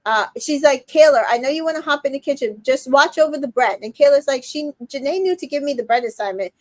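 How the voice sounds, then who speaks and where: A woman hosting a casual recap chat, retelling scenes and quoting the cast in quick put-on voices, with plenty of fillers. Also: sits high, a little mellow, no echo. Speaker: podcast host recapping a reality show.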